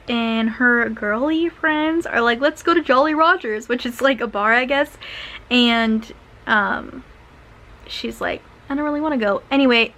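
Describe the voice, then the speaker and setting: A woman's voice: a little high, a bit bright, low-quality recording. A young woman chatting through a casual read-along book review, filler-heavy and full of sarcastic asides.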